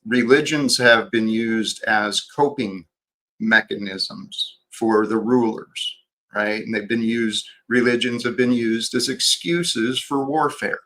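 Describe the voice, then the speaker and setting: A man hosting his own livestream, talking in a slow, reflective way with frequent restarts. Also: mid-range voice, fairly even intonation, a bit bright. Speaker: livestream host. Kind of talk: casual livestream chat.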